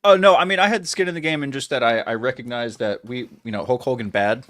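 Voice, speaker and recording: A man who produces a live talk show, joining the host for quick, chatty, self-deprecating banter. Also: mid-range voice, fairly bright tone.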